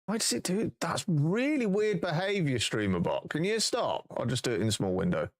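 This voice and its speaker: A man's voice: on the high side, sing-song, normal speed. A man live-streaming, chatting casually and thinking aloud while he fixes his voice settings.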